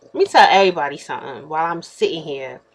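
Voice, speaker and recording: A woman's voice: low-pitched, lively intonation, fast. A woman in her thirties telling a story in a casual vlog, blunt and straightforward, acting out the quoted exchanges as she goes. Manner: acts out quoted exchanges in shifting voices. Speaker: YouTuber.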